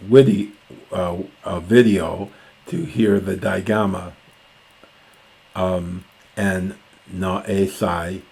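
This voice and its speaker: A man reading ancient Greek lines aloud and explaining them word by word, with many pauses, fillers and self-corrections. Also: deep voice, darkish tone. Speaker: classics lecturer.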